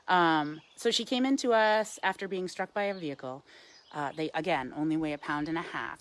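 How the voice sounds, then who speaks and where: A woman educator from a wildlife center, giving a chatty live talk outdoors in the wind, talking fondly to an owl, with frequent ums, and answering viewer questions. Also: deep voice.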